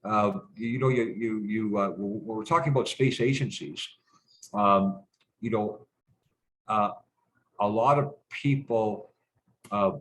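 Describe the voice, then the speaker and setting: A man's voice: on the low side, slow pace, pauses often, fairly bright tone, low-quality recording. A man from Canada talking in a casual interview, rambling with many restarts and fillers and swearing bluntly. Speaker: guest.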